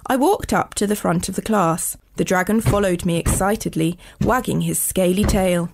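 A woman, a children's author, reading her own storybook aloud with clear, expressive delivery. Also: fairly low pitch, normal speed, hardly any pauses.

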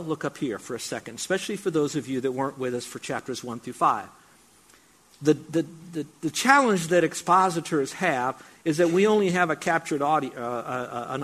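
A man's voice: fairly high pitch, fairly bright tone. A male pastor preaching a sermon, emphatic, breaking into mocking raised-voice asides.

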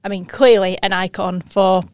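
A young woman with a Yorkshire accent co-hosts a podcast, chatty and quick to joke at her own expense. Her voice sits at a middle pitch and sounds close and dry, with no room echo. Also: steady tone, a little mellow, clean tone. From northern England. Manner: chatty, jokey, self-deprecating. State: pregnant. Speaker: podcast co-host. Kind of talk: casual chat.

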